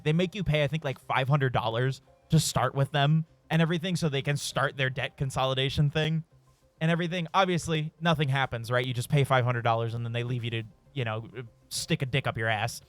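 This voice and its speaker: A man's voice: mid-range voice, fast talker. A man streaming a game, rambling through a story in casual, profane chat with frequent chuckles. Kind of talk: casual storytelling while gaming.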